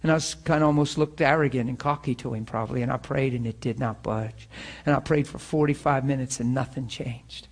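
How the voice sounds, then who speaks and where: A pastor speaks briskly and with few pauses in a mid-range voice. His informal sermon, given to students in a room and streamed online, weaves in personal stories told earnestly and conversationally, and he wraps up with a prayer.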